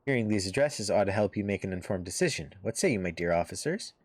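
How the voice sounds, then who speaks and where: A man reading as Minfilia, formal and low. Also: expressive, slightly rough, dry recording. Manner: formal, measured storybook delivery. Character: composed woman leader of a heroes' order. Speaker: streamer reading game dialogue aloud. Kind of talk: dramatic read-aloud of game dialogue.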